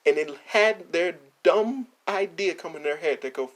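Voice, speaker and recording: A man hosting a reaction video, ranting in a casual, animated way, swearing and laughing often. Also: high-pitched, normal speed, hardly any pauses.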